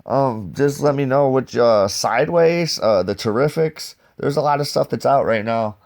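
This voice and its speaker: A man casually reviewing comic books in a loose, slangy, excitable way. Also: medium pitch, normal speed, creaky.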